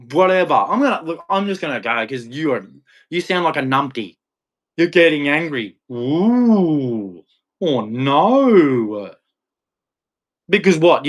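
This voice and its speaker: A man's voice: a little high, fairly bright tone. A middle-aged Australian man hosting a live stream, taunting viewers in a combative rant full of "dude". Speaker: livestream host.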